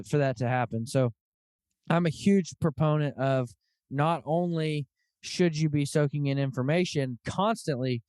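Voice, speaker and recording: A man's voice: mid-range voice, darkish tone, no echo, studio quality. A man hosting a hunting podcast, telling stories in an earnest, casual way and acting out the dialogue in them. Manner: earnest storyteller who acts out quoted dialogue. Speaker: podcast host.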